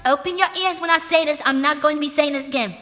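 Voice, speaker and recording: In an echoing room with music behind, a woman musician from the UK answers interview questions casually, brash and foul-mouthed. Her high, bright, forceful voice draws out phrases for emphasis.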